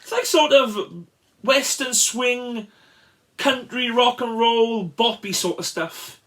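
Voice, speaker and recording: A man casually showing records from his collection, chatty and enthusiastic, with frequent pauses and restarts. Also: very high-pitched, fairly bright tone. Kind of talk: casual record show-and-tell.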